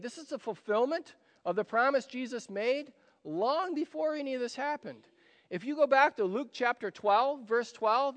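A man preaching a sermon in a conversational way, asking rhetorical questions and swinging between loud emphasis and quiet asides. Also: very high-pitched, big-room sound. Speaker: pastor.

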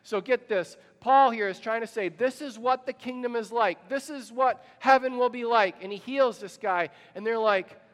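A man's voice: very high voice, normal speed, few pauses, in a large hall. A man pastor preaching a sermon, telling the story and asking the congregation questions.

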